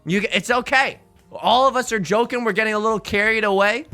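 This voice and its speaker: A man's voice: sits high, fairly quick, sharp tone, faint music behind. A man live-streaming a game, chatting casually and jokily, rambling and repeating his own phrases while greeting viewers. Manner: greets chat by name mid-sentence. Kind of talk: casual stream chat with gameplay commentary.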